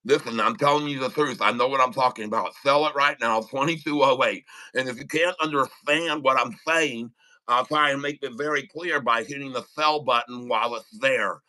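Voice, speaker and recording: A man's voice: medium pitch, normal speed, bright, forceful tone, poor audio. A man with a lisp, chatting casually and joking on a live trading stream, laughing often. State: lisping. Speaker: day trader livestreaming.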